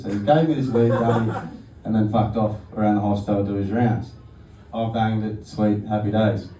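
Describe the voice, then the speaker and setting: Before a live crowd, a young man does loose, crude stand-up and keeps laughing through his jokes. His voice is dark and steady, on the low side, at a normal speed, while the distant venue audio sounds roomy and noisy.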